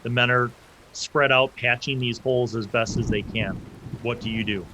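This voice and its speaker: A man's voice: mid-range voice, fairly even intonation, normal speed, background noise. A man narrating as game master of a tabletop game, rambling with lots of fillers and restarts.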